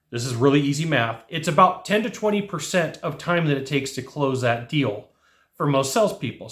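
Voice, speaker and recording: A man's voice: fairly high pitch, a bit bright. A man runs a sales lesson in a slightly raised voice, drilling the same points again and again and playing both sides of a customer chat. His voice bounces around a reverberant room. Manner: coaching, repetitive, acts out customer dialogue. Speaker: sales trainer. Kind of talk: instructional talk to camera.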